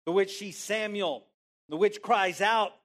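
A man preaching a sermon in church, animated and casual, asking the congregation questions and answering them himself. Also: sits high, unhurried, a little hiss or hum. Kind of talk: interactive sermon.

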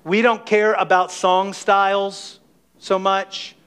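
A middle-aged man preaching a sermon as pastor of his church, emphatic and energetic, calling on the congregation to respond. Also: high-pitched, slow pace. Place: church sanctuary.

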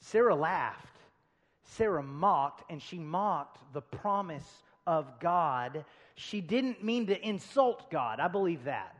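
A man preaching a sermon as pastor, swinging between loud emphasis and quiet asides, with humorous storytelling. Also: a little high, animated, takes it slowly. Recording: long reverb of a large hall.

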